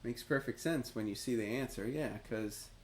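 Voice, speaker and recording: A man's voice: mid-range voice, normal speed. A man hosting a live stream, cheering and chatting to viewers as he plays a retro quiz game. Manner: excitable, cheers and chats to viewers. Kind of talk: live gameplay commentary.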